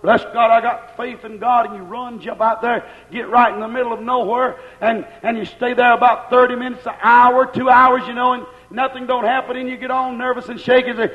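A man preaches a fiery sermon in a very high voice. His words ring out with a long echo. The recording is dull and lo-fi. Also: level tone. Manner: impassioned preaching, slowing and shouting at climaxes. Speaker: pastor. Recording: reverberant church, dull lo-fi sound.

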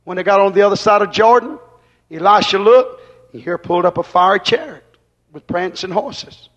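A man preaching a fervent sermon, emphatic and repetitive, swinging between loud exclamations and hushed asides. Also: sits high, moderate pace. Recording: dull lo-fi recording.

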